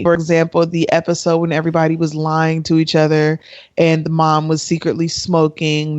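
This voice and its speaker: A woman's voice: low voice, darkish tone, dry recording. Woman co-host, casual podcast chat, sighs a lot, torn and exasperated, dry slightly dull recording. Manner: indecisive, sighing, exasperated.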